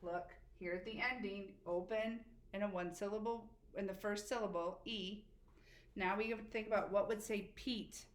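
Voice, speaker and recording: A woman teacher giving a spelling lesson to children, patient and encouraging, slowly spelling letters out. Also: medium pitch. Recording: echoey room with faint background noise.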